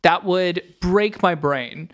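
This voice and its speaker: A woman co-hosting a casual film podcast, earnestly walking through plot points with lots of fillers. Her voice sits a bit low for a woman. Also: slow pace. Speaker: podcast co-host. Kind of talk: casual film review chat.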